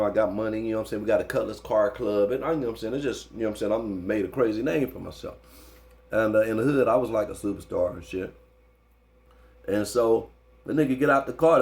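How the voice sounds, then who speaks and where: Fast-talking gravelly man telling a story. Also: mid-range voice. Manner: slangy, profane, constantly says "you know what I'm saying"; animated when recounting the fight. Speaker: interview guest. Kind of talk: casual storytelling.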